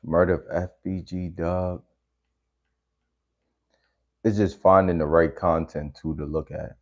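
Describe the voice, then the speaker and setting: A man's voice: low-pitched, steady tone, slow pace, a little mellow. A man chatting casually on a stream while reacting to videos, laid-back and rambling, using lots of slang. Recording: slightly dull lo-fi audio.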